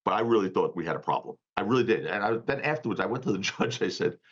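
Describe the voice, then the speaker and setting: Man, attorney guest, husky, animated pitch, emphatic storyteller, muffled call audio. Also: fast talker. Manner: emphatic, laughs while telling stories.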